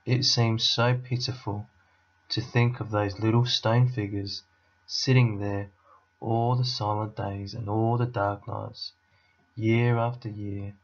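A man, a teacher, reading a children's novel aloud to his class in a steady, unhurried way. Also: fairly low pitch, dull audio.

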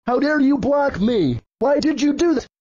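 A man's voice: animated, moderate pace, warm tone. A man voicing a bossy purple dinosaur who scolds and threatens, in a fan-made cartoon with dull, lo-fi sound. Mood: scolding. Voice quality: very high-pitched. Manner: scolding, threatening, repeating rules. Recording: dull lo-fi audio.

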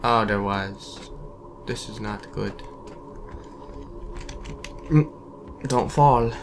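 A man talks through a horror game at a relaxed, slow pace, jumping at scares and cursing at enemies. His desk mic picks up clear keyboard typing behind him. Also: lowish voice, slight background noise. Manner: jumpy, swears and taunts enemies. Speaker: let's play gamer. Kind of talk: casual horror gameplay commentary.

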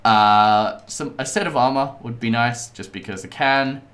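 A man casually commenting on his own gameplay as host, chatty, rambling and excitable. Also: medium pitch, a little slow. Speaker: let's play host.

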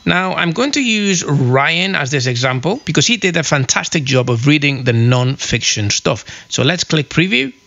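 A man hosting a casual software review, explaining things in a chatty walkthrough. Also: on the high side, animated, moderate pace, vocal fry, few pauses, highs cut off.

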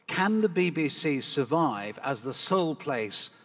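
A man's voice: fairly high pitch, lively intonation, a little slow, a bit bright. A man hosting a live on-stage conversation, asking probing questions in a conversational way. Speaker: interviewer, host. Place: large event hall before an audience. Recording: long hall reverb.

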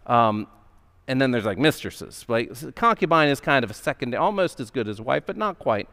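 A man's voice: mid-range voice, lively intonation, fairly quick, a bit bright. A male pastor preaching a sermon in a conversational storytelling manner, acting out the characters' voices. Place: church sanctuary. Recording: long hall reverb.

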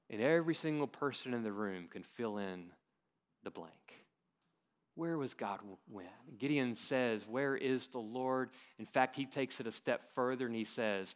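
A pastor preaching a sermon in a church, with a light Texan accent, swinging from loud emphatic questions down to quiet, drawn-out endings. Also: male voice, medium pitch.

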